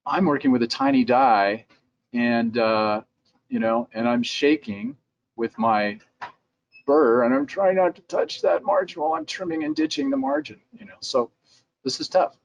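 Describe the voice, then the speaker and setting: A man's voice: mid-range voice, very animated, normal speed, muffled recording, a little hiss or hum. A middle-aged man giving a conversational instructional talk for dentists, sometimes acting out their replies in quotes. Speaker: dental lab president giving a training talk. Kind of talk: instructional presentation.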